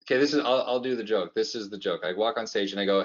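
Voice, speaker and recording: A man's voice: on the low side, fast talker, lo-fi sound. A Canadian man with a Canadian accent, a comedian guest chatting playfully and rambling through jokes on a video call. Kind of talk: casual interview chat.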